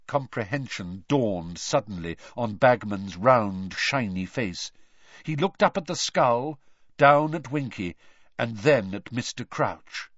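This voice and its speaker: Lively male audiobook narrator. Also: mid-range voice, unhurried, no room sound. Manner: expressive, lively storytelling. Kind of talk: audiobook reading. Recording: dry, dull lo-fi recording.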